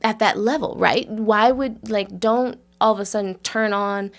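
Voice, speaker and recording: A young woman, a dance teacher, talking as a guest on a casual podcast, animated and quick to laugh. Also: mid-range voice. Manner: animated, laughing often, talks with emphatic asides.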